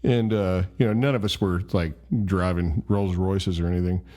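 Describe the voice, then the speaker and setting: A man's voice: low voice, fairly even intonation, moderate pace, warm tone. A man casually telling a rambling, self-deprecating story. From Memphis, USA. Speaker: vlogger.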